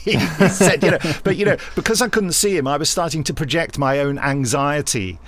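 A man's voice: a little high, animated, brisk, fairly bright tone, a little hiss or hum. A man hosting a podcast and recalling directing, speaking hesitantly with many fillers and an amused tone. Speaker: podcast host and drama director. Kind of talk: casual anecdotal chat.

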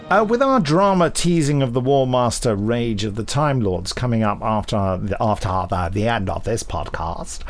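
A man's voice: medium pitch, lively intonation, unhurried. Joking, rambling man hosting a podcast. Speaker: podcast host. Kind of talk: casual podcast chat.

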